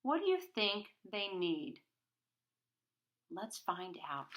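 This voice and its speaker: A woman reading a bedtime picture book aloud to children, hushed and half-whispered, with playful loud bursts. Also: mid-range voice, very animated, slow pace, heavy background noise. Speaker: children's storybook reader.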